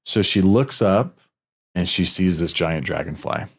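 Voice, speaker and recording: Low and measured, with a breathy edge, this man's voice carries a personal story he shares as a podcast host. The conversation is casual, but he's earnest and a little emotional, often starting over mid-thought.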